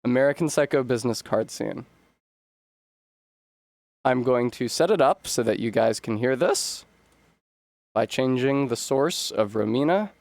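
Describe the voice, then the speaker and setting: A man's voice: mid-range voice, expressive, a little slow, pauses often, darkish tone, dry recording. A man with a Rhode Island accent, chatting casually and wordily while streaming a game. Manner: articulate, wordy, self-mocking. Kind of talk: casual gaming livestream chat.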